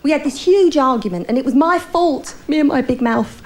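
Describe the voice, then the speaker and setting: A woman's voice: sits high, lively intonation, a little fast. A middle-aged woman performing a stand-up comedy routine, telling bawdy stories in a chatty way and talking straight to the crowd.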